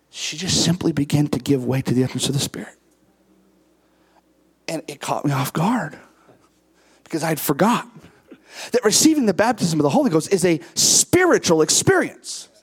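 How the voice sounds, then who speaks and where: A man, preaching and telling a story, acting out quoted dialogue in a lower voice and rising to high, emphatic peaks. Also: husky. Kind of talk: sermon storytelling.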